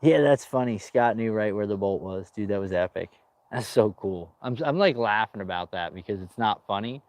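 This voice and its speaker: With a lowish, darkish voice at a moderate pace, the vlogger talks casually to viewers as he works on his boat outside. Chatty and rambling, he jokes and says dude a lot; there's no echo.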